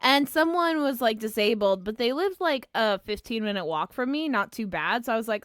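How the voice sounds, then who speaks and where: A woman's voice: on the high side, expressive, a bit bright, dry recording, studio quality. A woman co-hosting a casual chat podcast who tells stories with many fillers and blunt swearing. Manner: halting, filler-heavy storytelling, blunt swearing. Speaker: podcast co-host.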